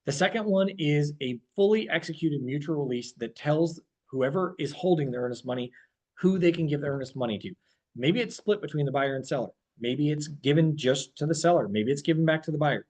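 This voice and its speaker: A man's voice: a little high, a little mellow. Direct, plain-spoken man. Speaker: real estate broker. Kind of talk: training talk for agents.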